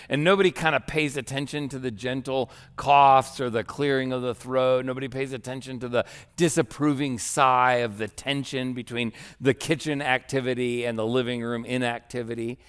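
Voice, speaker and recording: A man's voice: medium pitch, a bit bright, clean tone. A male pastor preaching a sermon in a conversational way, often checking in with "right?" and acting out little scenes. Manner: conversational, asks "right?" often, acts out quoted voices.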